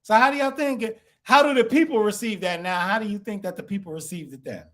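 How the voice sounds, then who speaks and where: A man's voice: sits high, fast, fairly bright tone. A man teaching a congregation through a scripture lesson, asking the class questions and acting out the people in the text.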